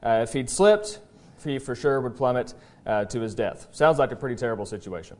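A man preaching a sermon as pastor in a church service, in a folksy, conversational way with frequent "uh" pauses. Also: medium pitch, darkish tone. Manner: tells a joke story then presses the point earnestly.

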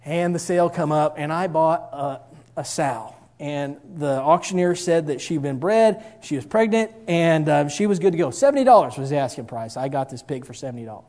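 A man's voice: fairly high pitch, animated, normal speed, a little mellow. A middle-aged man, telling a folksy, self-mocking personal story with a moral.

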